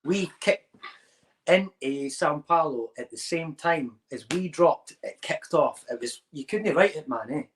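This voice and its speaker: A man's voice: on the high side, lively intonation, a little slow, slight background noise, poor audio. A man with a Scottish accent, a podcast guest rambling through anecdotes with Scots slang in casual chat. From Scotland.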